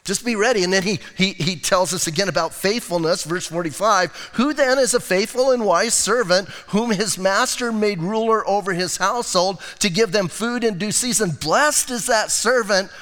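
A man's voice: high voice, normal speed, hardly any pauses, fairly bright tone, long reverb tail. A man preaching as pastor in a casual, joking, verse-by-verse sermon, often breaking in with "hey". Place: church sanctuary.

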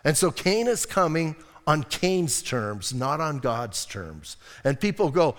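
A man preaching a casual, animated sermon as pastor, acting out voices in the quotes. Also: a little high, slow pace, long reverb tail. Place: church hall.

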